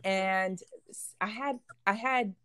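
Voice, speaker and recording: A woman hosting a podcast in casual chat, telling lively stories and laughing often. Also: medium pitch, slow, clear, resonant tone. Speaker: podcast host.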